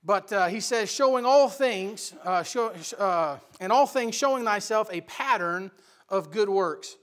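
A man preaching a Bible study sermon in church, swinging between quiet asides and loud, emphatic exhortation. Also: sits high, unhurried. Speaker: pastor.

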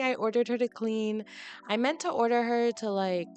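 A woman's voice: a little high, steady tone, normal speed, darkish tone, faint music behind. A woman giving casual, chatty gameplay commentary as a let's play host, dramatic and exasperated as she reacts.

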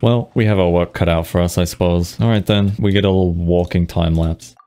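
A man's voice: low-pitched, fairly even intonation, a little fast, dark tone. A young man giving casual, swear-laden gameplay commentary with playful sound effects. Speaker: gaming streamer.

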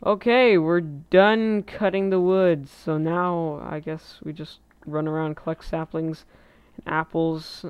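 A man's voice: fairly high pitch, slow, clear, resonant tone, no room sound. Rambling man doing gameplay commentary. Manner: rambling, self-correcting, excitable outbursts. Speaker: gaming video creator. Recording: slightly muffled lo-fi recording.

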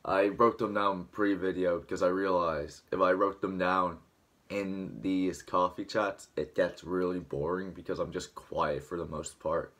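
This young man's voice sits low and level, a little slow, with a fairly bright tone. He's a vlogger at home early in the morning, dry-throated and just waking up, rambling to camera with lots of fillers.

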